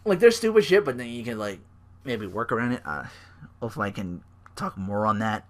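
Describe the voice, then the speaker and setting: A man hosting a solo podcast, recapping in a rambling, profane, excitable way. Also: lowish voice, a little fast. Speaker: podcast host.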